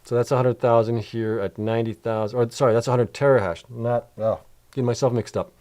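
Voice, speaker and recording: A man's voice: medium pitch, fairly even intonation, brisk, warm tone. A man hosting a casual livestream, tired and yawning, thinking aloud as he rambles through spreadsheets and answers questions. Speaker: host of a crypto mining channel.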